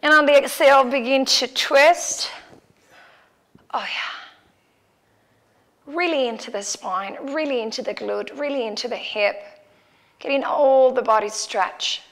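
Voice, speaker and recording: Casting: woman, Mexican accent, yoga teacher, unhurried and clear, slightly high voice. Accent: Mexican Spanish. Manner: slow, calm cueing of breath and poses. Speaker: yoga instructor. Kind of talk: guided yoga class instruction.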